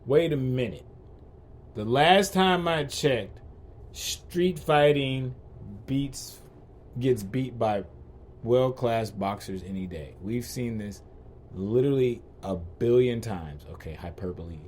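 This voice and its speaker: A man's voice: medium pitch, slow, a little mellow, slight background noise. A man hosting a podcast, ranting in a heated, profane way and repeating rhetorical questions. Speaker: podcast host. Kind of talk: ranting commentary.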